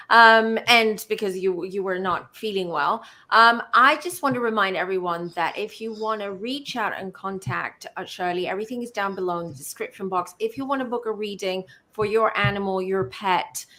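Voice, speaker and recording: A woman's voice: mid-range voice, bright, forceful tone. A woman hosting a livestream, thanking her guest and pointing viewers to booking details. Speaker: livestream host. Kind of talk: livestream host wrap-up. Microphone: video call.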